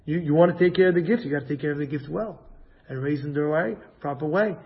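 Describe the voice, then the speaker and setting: A man giving an inspirational religious talk on parenting, animated and acting out family dialogues. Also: a little high, fast, highs cut off. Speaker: Torah lecturer giving parenting advice.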